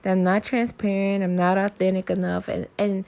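Woman host, gravelly edge, candid rambling monologue with salty asides. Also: mid-range voice, level tone, moderate pace, darkish tone. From American South. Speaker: podcast host. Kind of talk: casual solo podcast monologue.

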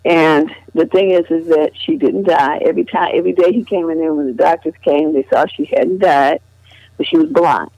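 A woman's voice: deep voice, moderate pace, a little mellow, dry recording, low-quality recording. An older woman earnestly recounting a family memory in conversation, restarting phrases as she goes. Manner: earnest, retelling dialogue with frequent restarts. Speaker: guest. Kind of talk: personal storytelling in conversation.

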